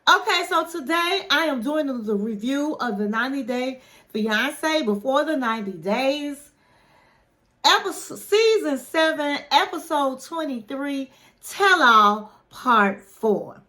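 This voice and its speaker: A woman with a fairly high voice hosts her own online channel, recapping a reality show in a loose, chatty way. She talks with a playful, animated delivery and stretches out her flourishes. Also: slow pace. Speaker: YouTube host reviewing a reality show.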